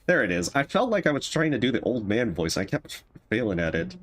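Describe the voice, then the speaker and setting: A man's voice: mid-range voice, very animated, brisk, a bit bright. Man thinking aloud over a game. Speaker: streamer playing a game. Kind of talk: casual gameplay commentary.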